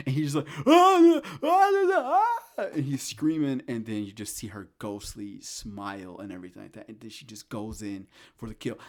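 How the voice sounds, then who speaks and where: A man hosting a solo podcast, telling horror film scenes in an animated, profane way, swinging from hushed storytelling to loud incredulous rants. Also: fairly low pitch. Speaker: podcast host. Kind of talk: casual solo talk about horror films.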